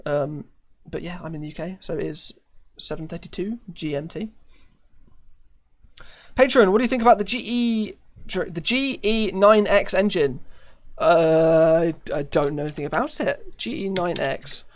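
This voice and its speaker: A man's voice: fairly high pitch, moderate pace. A man with a British accent chatting casually while live-streaming a game, rambling with many fillers and frequent laughs. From United Kingdom.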